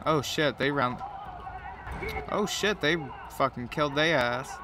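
A man's voice: on the high side, a little slow, background noise. A man with a cold giving profane, joking play-by-play commentary while playing a game. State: has a cold. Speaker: gamer commentator.

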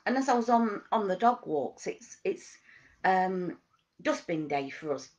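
Slow-talking woman wellness coach. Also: medium pitch, lively intonation. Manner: gentle, questioning, emphatic coaching delivery. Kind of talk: motivational wellness talk.

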